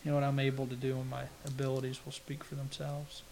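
Flat-voiced Southern US man. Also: mid-range voice, creaky, noisy background. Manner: unhurried, plain-spoken, halting restarts. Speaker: interviewee. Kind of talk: casual interview conversation.

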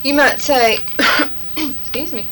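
A woman giving a spoken fill-in-the-blank test, halting with many fillers and saying okay after each answer. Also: high-pitched, sharp tone, slight background noise, low-quality recording. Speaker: language tester. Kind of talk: reading fill-in-the-blank prompts.

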